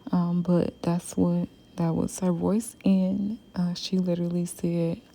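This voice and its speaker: Young woman, low-pitched and slow, casual rambling storyteller with many fillers. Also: flat delivery, gravelly, mellow. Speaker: hairstylist telling a story.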